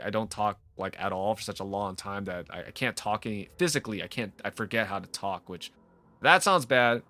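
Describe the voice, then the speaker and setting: A gaming video host rambling through a profane, off-the-cuff rant, often breaking off mid-sentence. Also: male voice, lowish voice, sharp tone. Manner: rambling, profane, frequent self-interruptions. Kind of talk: casual off-the-cuff rant to camera.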